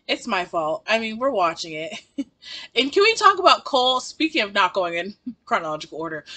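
A woman's voice: high-pitched, bright, forceful tone, no echo. A woman giving a casual reaction review of a TV episode, ranting in exasperation and laughing often.

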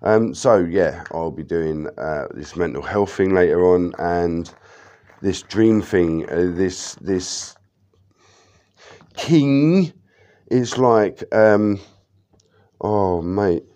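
A man talks in a deep, unhurried voice, drifting from thought to thought and swearing often. His tone is dark and mellow. He loops back with "like" and "you know" as he speaks to his viewers. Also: clean tone. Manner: rambling, heavy swearing, many fillers. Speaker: vlogger. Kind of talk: rambling personal monologue.

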